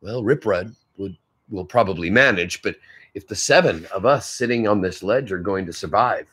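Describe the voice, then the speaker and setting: A man's voice: on the low side, moderate pace, fairly bright tone, breathy edge. A man voicing a worried young teenage boy hero while reading a novel aloud.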